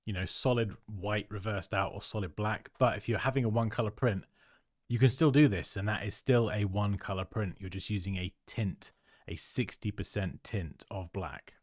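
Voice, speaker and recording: A man hosts a casual livestream and chats his way through viewers' design work. His delivery is upbeat and full of laughs. His voice sits fairly low and is recorded close, with a dry sound. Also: fairly even intonation, moderate pace, no room sound. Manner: chatty and upbeat, often laughing.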